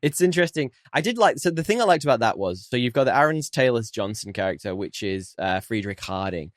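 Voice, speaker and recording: A man co-hosting a podcast in easygoing conversation, laughing often and breaking into playful voices when he jokes. His pitch sits in an ordinary middle range. The recording is close and dry, with no room sound. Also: expressive, fast talker, dry recording. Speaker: podcast co-host. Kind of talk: casual film review chat.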